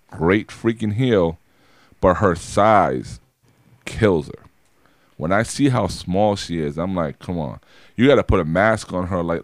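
A man with a fairly low voice talks through a casual podcast chat, circling back and restarting his sentences as he goes. The sound is dry and close, with no room around it. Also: no room sound. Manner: rambling, many restarts and repeats. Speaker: podcast co-host.

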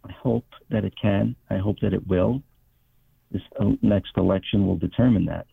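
A man telling stories in a wry, animated way as a guest, calling in from home, over a tinny phone line. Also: on the low side, normal speed, gravelly, breathy edge, no room sound. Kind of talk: casual storytelling. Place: home in New York.

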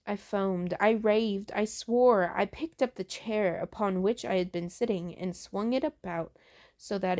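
Slow, gravelly woman reading horror aloud. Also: fairly low pitch, darkish tone. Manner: halting, with restarts on words. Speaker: host reading books aloud.

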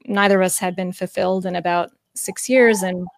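A woman's voice: lowish voice, steady tone, a little fast, vocal fry, no echo, studio quality. A woman hosting a casual interview, speaking candidly and laughing often. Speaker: podcast host.

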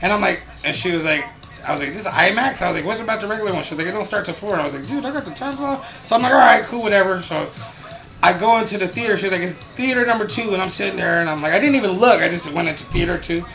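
A man rattles off a story at a fast clip in casual podcast chat, his voice gravelly and swearing as he goes. His pitch sits a bit high for a man, and music plays behind him. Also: sharp tone. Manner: rambling storyteller, swears a lot. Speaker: podcast co-host.

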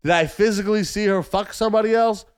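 A man with a somewhat high, sounding voice runs a casual chat among friends. He throws out what-if scenarios and slips into quick impressions of how he'd say things. His talk is loose and conversational. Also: smooth. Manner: poses hypotheticals, acts out quotes. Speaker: podcast co-host.

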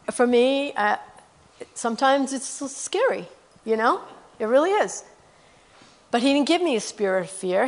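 An earnest woman with a somewhat high voice gives a conversational sermon about missionary work. She keeps checking in with her listeners through "you know" and "okay?", and she reads scripture verses at a quick clip. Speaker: missionary speaker.

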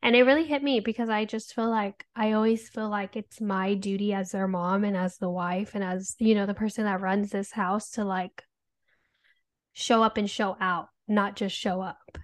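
A woman's voice: mid-range voice, steady tone, moderate pace. A woman podcast co-host, a mother in her thirties, talking candidly in a rambling, casual way and swearing often. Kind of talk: casual chat.

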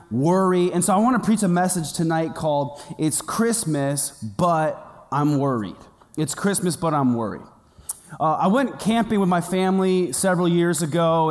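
A pastor with a notably high voice, preaching to his congregation. He tells stories with humor and plays out the people in them. His voice rings with the long reverb of a big hall. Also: a little mellow. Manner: humorous storytelling with quoted voices. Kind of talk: sermon. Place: church auditorium.

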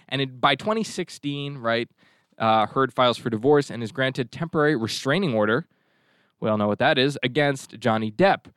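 A man's voice: mid-range voice, no echo, studio quality. Sarcastic man recapping a story. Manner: sarcastic, recaps events with asides. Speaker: podcast host. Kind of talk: casual commentary.

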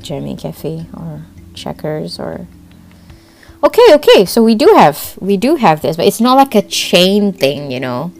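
A young woman with a Malaysian accent, hosting a podcast and telling a story in a giggly, excitable way, laughing often. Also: fairly low pitch, vocal fry. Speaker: podcast host. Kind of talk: casual storytelling monologue.

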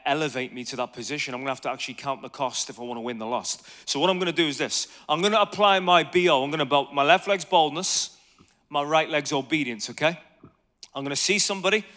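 A man leading an evangelism seminar, energetic and jokey, swinging between loud emphasis and quiet asides. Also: on the high side. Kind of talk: lively seminar preaching to a live audience.

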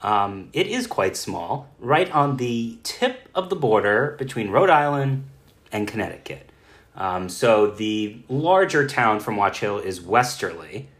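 A man co-hosts a travel podcast in relaxed conversation, his voice on the low side, sing-song, fairly bright, and a little slow. He pokes fun at himself and laughs often, and the recording has a roomy echo.

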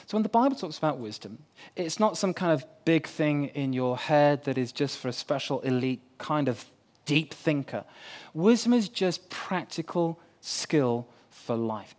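Guy giving a sermon, kinda high voice, chatty, asks the room stuff. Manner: conversational, asks the crowd questions. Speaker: preacher.

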